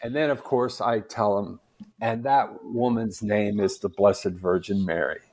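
A man guest on a podcast, telling stories in a lively, animated way and laughing often. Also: lowish voice, measured pace. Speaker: guest apologist. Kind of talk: casual storytelling interview.

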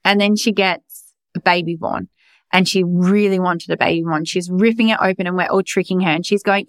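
A woman's voice: lowish voice, steady tone, moderate pace, no echo. A young adult woman hosting a podcast, talking in a raw, emphatic, confessional way and swearing freely. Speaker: podcast host. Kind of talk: candid personal monologue.

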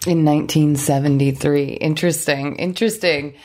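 A woman co-hosting a podcast in casual chat, laughing often and pausing on fillers as she thinks aloud. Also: low voice, steady tone, a little mellow. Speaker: podcast co-host.

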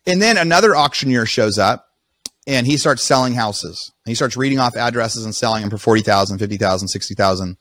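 A man, a podcast guest, telling his own story in a casual, animated way, often breaking off and restarting his sentences. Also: lowish voice, dry recording. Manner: rapid, animated retelling with restarts.

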